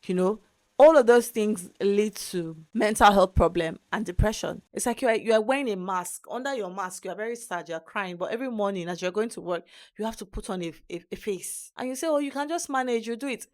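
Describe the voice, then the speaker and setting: Nigerian woman vlogging, animated and emphatic, repeats words to push a point. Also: medium pitch, fairly quick. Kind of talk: casual advice monologue.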